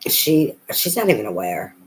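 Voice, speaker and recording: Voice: medium pitch, very animated, moderate pace, rough recording. A tarot reader giving a casual reading, talking bluntly and emphatically with a lot of profanity and repetition.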